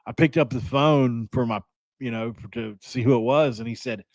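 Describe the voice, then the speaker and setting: A man's voice: mid-range voice, steady tone, moderate pace, dry recording. Joking man rattling off sports matchups. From West Virginia. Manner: rambling, joking, self-deprecating. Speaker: podcast host. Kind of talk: casual sports podcast chat.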